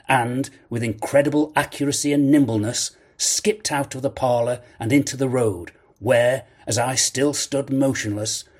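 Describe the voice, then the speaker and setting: A man narrating a classic adventure novel in a measured storytelling manner. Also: medium pitch, darkish tone, breathy edge. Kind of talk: audiobook narration.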